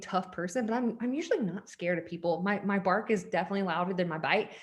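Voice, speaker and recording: A woman in her thirties telling her personal story in a candid, chatty way, full of "like" fillers, at home with children nearby. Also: medium pitch. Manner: laughs when uncomfortable. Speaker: network marketing leader. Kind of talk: personal story told to an audience.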